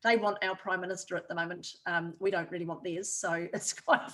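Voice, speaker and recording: A woman's voice: lowish voice, steady tone, brisk, a bit bright. A woman with a New Zealand accent, a guest in an interview, telling chatty stories and laughing often. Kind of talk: casual interview chat.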